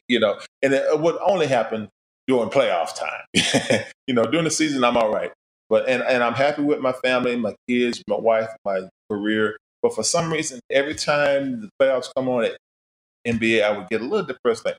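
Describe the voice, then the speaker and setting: A middle-aged man, a musician and podcast guest, telling his life stories in a casual, animated way and acting out past conversations. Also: mid-range voice, moderate pace, roomy sound, slight background noise. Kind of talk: casual storytelling interview.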